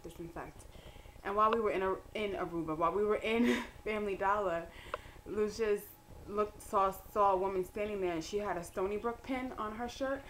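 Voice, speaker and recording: A young woman vlogger telling a story in a casual, animated way, laughing and acting out other people. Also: slight background noise, low-quality recording. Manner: animated, breaks into laughter, acts out others in a high voice. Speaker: vlogger and graduate student.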